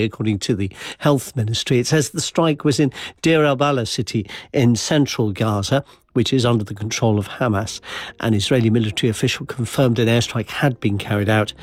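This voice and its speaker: A man presenting radio news with a crisp, formal reading. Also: mid-range voice.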